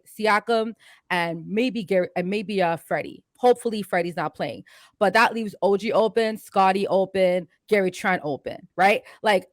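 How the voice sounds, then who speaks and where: A woman guesting on a casual sports podcast, talking fast and emphatically with lots of "like" and restarts. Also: mid-range voice, no echo, studio quality. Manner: fast, emphatic, many repeated starts and "like"s.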